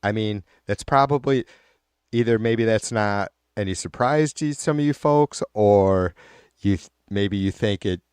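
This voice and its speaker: Low-voiced man ranting on a live stream. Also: measured pace, a little mellow, clean tone, no echo, clean studio sound. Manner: blunt, heated, swears often. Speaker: live stream host reading viewer comments. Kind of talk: casual profane political rant.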